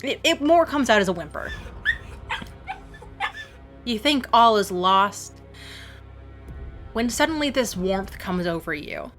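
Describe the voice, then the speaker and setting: A woman narrating a tabletop game as game master, gentle and encouraging toward her player. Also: medium pitch, sing-song, slow pace, long pauses, soft background music.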